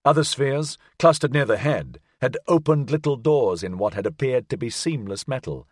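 Expressive male audiobook narrator. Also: mid-range voice, moderate pace, husky, no room sound, studio quality. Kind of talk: scripted narration.

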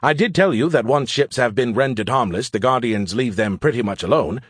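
A man voicing a condescending, know-it-all male ship AI that lectures in a husky, dry voice. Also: medium pitch, fairly quick, no echo, natural voice. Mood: smug.

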